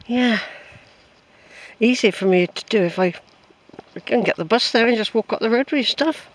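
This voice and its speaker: A man's voice: high voice, normal speed, fairly bright tone, low-quality recording. A man chatting to viewers while hiking outdoors, rambling and friendly, filmed on a handheld camera. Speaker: hiker filming his walk. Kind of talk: casual walking vlog. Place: outdoors on a hillside path.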